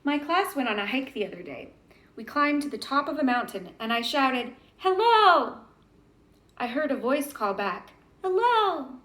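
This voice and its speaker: Woman reading a children's book aloud in a high, gentle voice. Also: expressive, normal speed. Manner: gentle storybook reading with questions to the listener.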